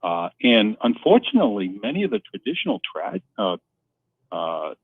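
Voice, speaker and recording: A man's voice: lowish voice, huge pitch swings, normal speed, breathy edge, dry recording. Earnest male caller on a tinny phone line. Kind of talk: call-in talk radio.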